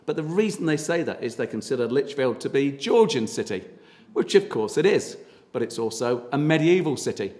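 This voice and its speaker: A man's voice: mid-range voice, sing-song, fairly quick, a little mellow. A man giving a local history talk, chatty and full of ums and uhs. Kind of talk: public lecture. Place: meeting hall. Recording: long hall reverb.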